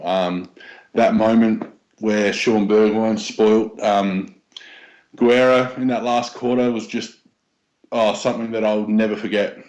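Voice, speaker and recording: An Australian man, a podcast guest in casual sports chat, speaking enthusiastically but haltingly with many filler pauses. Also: lowish voice, little pitch movement, a little mellow, low-quality recording.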